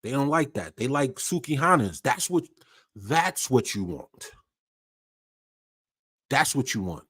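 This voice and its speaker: A man's voice: medium pitch, slow pace, pauses often, breathy edge. A man hosting a livestream, ranting in casual slang with lots of swearing and repetition. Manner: profane, animated, repetitive slang-heavy ranting. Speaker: livestream host.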